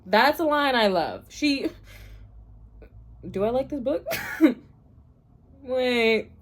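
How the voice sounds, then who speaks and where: A woman's voice: high-pitched, lively intonation, drawn-out words, pauses often. A woman talking casually in a reading vlog, reacting dramatically to a book and laughing often. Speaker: book vlogger.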